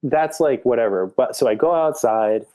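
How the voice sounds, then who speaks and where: A man's voice: mid-range voice, expressive, normal speed, mellow. A man telling a story as a podcast guest, rambling casually with lots of filler words. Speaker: podcast guest, graphic artist.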